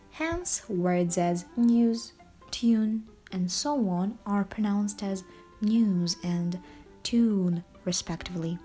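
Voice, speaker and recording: Woman, student presenter, careful explanatory reading, mid pitch, soft music behind. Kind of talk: read classroom presentation.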